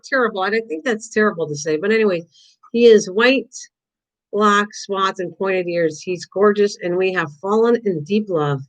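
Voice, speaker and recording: A woman's voice: mid-range voice, moderate pace, rough recording. An older woman hosting a live crafting stream, chatting casually and rambling to her viewers and her dog while she paints.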